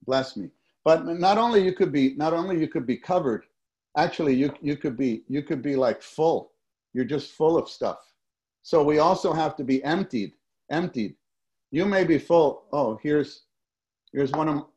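A man preaching to a congregation, his voice sitting a little high for a man. He often stumbles, restarts and repeats his words, and he leads the listeners in repeating lines back to him. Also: darkish tone. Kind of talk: sermon. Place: meeting hall with a summer-school gathering.

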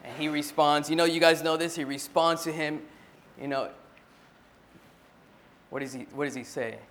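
A man's voice: fairly high pitch, steady tone, normal speed, a bit bright, slight background noise. A man at a church meeting, earnestly retelling a Bible story in a casual sharing style, often restarting his sentences.

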